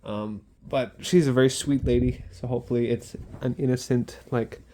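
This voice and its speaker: A man's voice: medium pitch, steady tone, normal speed, dark tone. A young man, a student care worker, chatting casually in a vlog diary, rambling and acting out sounds.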